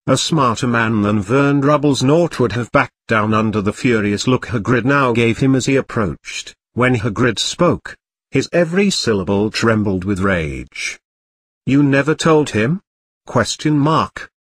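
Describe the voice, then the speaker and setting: A man narrating a parody storybook in a deadpan, steady reading. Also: medium pitch, a little slow, husky, no room sound.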